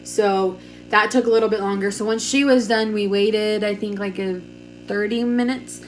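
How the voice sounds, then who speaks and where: A woman's voice: mid-range voice, fairly even intonation, normal speed, slight background noise. A young woman telling a personal story in a chatty, casual way, full of "like" fillers, recorded on a camera mic at home. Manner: chatty, lots of "like", acts out quoted dialogue. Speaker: vlogger.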